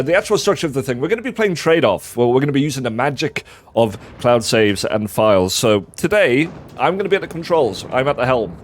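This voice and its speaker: A man's voice: mid-range voice, a little hiss or hum. A man hosting a game stream, chatty and teasing, often stammering as he restarts his sentences. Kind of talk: casual let's-play chat.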